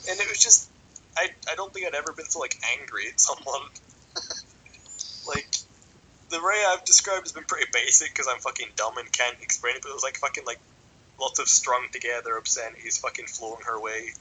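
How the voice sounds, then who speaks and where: A man's voice: mid-range voice, fairly quick, pushed and bright, a little hiss or hum, poor audio. Sweary young man telling a story. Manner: sweary, rambling, filler-heavy. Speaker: podcast co-host. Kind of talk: casual podcast storytelling.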